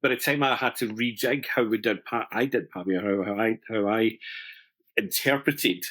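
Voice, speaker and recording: A middle-aged man with a fairly low voice talks through a fine jewellery technique. He is chatty and self-deprecating, and often restarts his sentences as he explains. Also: normal speed, a bit bright. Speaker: master stone setter, podcast guest. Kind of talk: explaining a craft technique in conversation.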